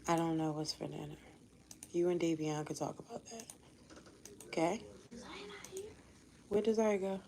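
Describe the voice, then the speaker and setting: Woman, tarot reader, unhurried, blunt and profane, faint background noise. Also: on the low side, creaky. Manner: blunt, swears freely, talks to family off-mic. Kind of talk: casual live-stream chat. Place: home room.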